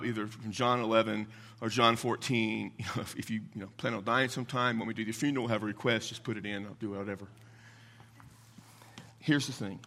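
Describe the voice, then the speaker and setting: An animated male pastor preaching a sermon, his voice climbing and dropping sharply as he drives each point home. His tone is bright and forceful, and he poses questions to the congregation and answers them himself, slipping into quick asides before his voice falls to a hush. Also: mid-range voice. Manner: emphatic, call-and-response questions; rapid asides, voice swings from loud to hushed.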